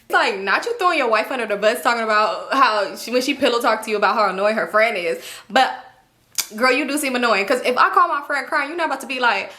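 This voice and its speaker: A young adult woman vlogger telling a casual storytime, animated and profane, laughing often. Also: fairly high pitch, fast.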